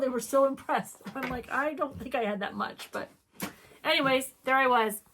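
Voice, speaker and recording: With a high voice at a moderate pace and a little background noise, this co-host, a middle-aged Wyoming woman, tells lively stories on a relaxed stitching chat show. Fits of giggles keep breaking up her anecdotes.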